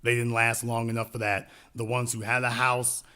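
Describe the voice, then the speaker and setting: A man's voice: medium pitch, level tone, moderate pace, sharp tone, smooth. A man hosting a casual discussion, talking bluntly and repeating his points for emphasis. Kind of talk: casual live-stream discussion.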